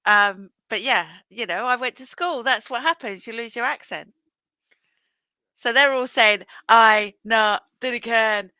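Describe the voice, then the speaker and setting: A woman's voice: fairly high pitch, measured pace, pushed and bright, no echo. A woman from Scotland co-hosting a casual live-stream chat, blunt and sweary as she tells a story. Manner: blunt and sweary, laughs at her own stories. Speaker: co-host.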